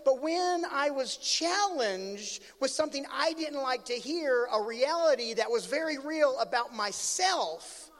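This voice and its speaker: High-voiced animated man preaching in a hall. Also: measured pace, few pauses. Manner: animated storyteller, swings between loud and hushed. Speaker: pastor. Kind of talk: sermon storytelling.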